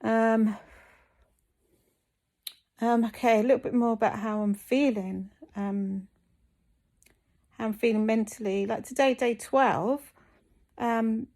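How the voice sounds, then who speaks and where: A tired woman from the UK talks openly to the camera, her voice dropping into a gravelly fry. She hesitates often, filling pauses with ums and restarting her sentences. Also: fairly high pitch, fairly even intonation, darkish tone. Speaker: fitness vlogger recovering from surgery. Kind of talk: candid talking-to-camera vlog.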